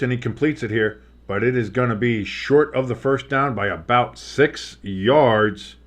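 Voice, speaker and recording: A man hosting a live sports stream, calling plays and rambling into joking asides. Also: mid-range voice. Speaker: sports streamer and play-by-play host. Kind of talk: live play-by-play with casual chat.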